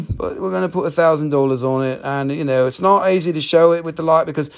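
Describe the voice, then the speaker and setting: A man hosting a live crystal sale, talking in an excitable, profane way with sudden jumps in pitch. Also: moderate pace, few pauses, clear, resonant tone. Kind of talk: excited live sales chat.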